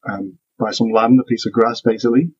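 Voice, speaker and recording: A man from Manchester with a northern English accent, a guest on a podcast who explains things in a relaxed way. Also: medium pitch, fairly quick, breathy edge, muffled recording. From Manchester, northern England. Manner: relaxed, explains in strings of questions. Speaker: guest, property developer. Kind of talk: casual interview chat.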